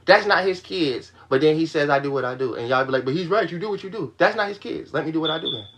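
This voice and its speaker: A man's voice: fairly high pitch, expressive, quick pace, fairly bright tone. A young man venting to his livestream audience in a heated, profane rush, repeating his points. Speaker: livestream host. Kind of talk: venting to a live stream audience.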